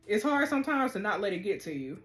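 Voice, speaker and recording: A woman's voice: medium pitch, very animated, fast, soft background music, lightly acted. A woman reading the lines of a tough, self-assured teenage girl in a juvenile facility, in a blunt manner.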